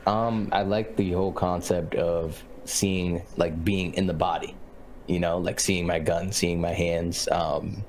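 A man guesting on a gaming podcast, telling stories in a relaxed, slangy way and laughing easily. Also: deep voice, unhurried, slight background noise, rough recording. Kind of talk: casual podcast chat.

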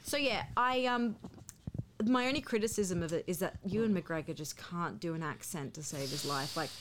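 A woman's voice: fairly low pitch, normal speed, a little hiss or hum. A woman chatting casually about movies on a podcast, gushing and talking with many fillers.

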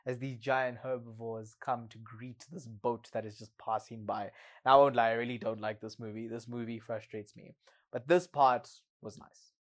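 A man's voice: medium pitch, steady tone, moderate pace. Sarcastic man recapping a movie. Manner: sarcastic, exasperated asides. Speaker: podcast host recapping a movie.

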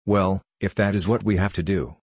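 A man's voice: deep voice, steady tone, moderate pace, a little mellow, breathy edge, dry recording, studio quality. A man voicing a tall, thin female police constable with an Indian accent, formal and matter-of-fact, in an audiobook. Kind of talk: audiobook character voice.

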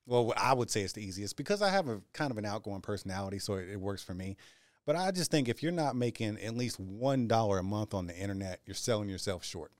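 Male podcast host, casual and joking, pitch moving around a lot, dry sound. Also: lively intonation, fast talker, no room sound. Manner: laid-back, joking, says "man" a lot. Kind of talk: casual chat.

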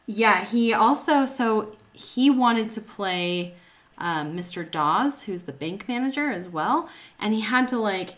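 A woman's voice: medium pitch, lively intonation, takes it slowly, fairly bright tone. A woman in her thirties hosting a podcast, chatting casually and explaining film facts with asides. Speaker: podcast host. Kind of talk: casual chat.

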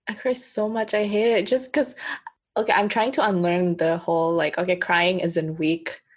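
Woman, breathy, halting, self-deprecating, casual chat. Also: on the low side, steady tone.

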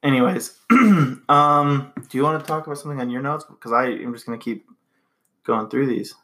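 A man's voice: mid-range voice, little pitch movement, a little fast, pushed and bright. A young man hosting a podcast, telling stories in a rambling, laughing way. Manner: laughs a lot, rambling with fillers. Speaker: podcast host. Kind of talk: casual chat and storytelling.

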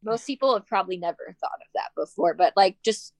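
A young woman, a guest in a personal conversation, speaking softly and tearfully with many "like" fillers. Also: mid-range voice, animated, fairly quick, no echo. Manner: soft-spoken, tearful, frequent "like" fillers.

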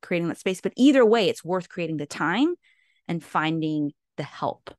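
A woman hosts a casual podcast interview, chatty and enthusiastic with plenty of rambling asides. Her voice sits a little low. The sound is dry and close, with no room echo. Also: expressive, normal speed, darkish tone. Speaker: podcast host.

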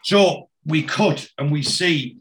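A man's voice: fairly high pitch, slow. Man animatedly retelling TV scenes. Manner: animated storyteller, slips in and out of quoted lines, swears casually. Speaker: podcast co-host recapping a TV series. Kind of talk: casual chat, retelling scenes with quoted dialogue.

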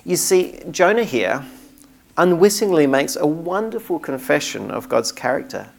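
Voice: medium pitch, big pitch swings, moderate pace, vocal fry. A preacher delivering a sermon in an earnest, emphatic way, now and then restarting a phrase.

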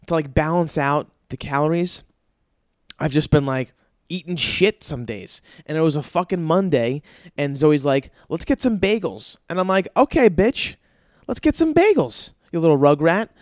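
Brief: young adult man, comic podcast ranter, profane and fed up, slightly high voice, dry close mic. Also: a little mellow, dry recording. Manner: profane, exasperated rants. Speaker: podcast host. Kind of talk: ranting comedic monologue.

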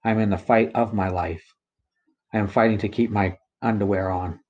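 Somber man with a low voice. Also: steady tone, moderate pace, a little mellow, muffled recording. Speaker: narrator of his own story. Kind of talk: reading a personal first-person account.

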